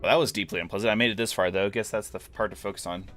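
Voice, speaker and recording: Low-voiced man musing over gameplay. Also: racing, soft background music. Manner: musing aloud, relaxed, rambling. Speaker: gaming streamer. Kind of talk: casual gameplay commentary.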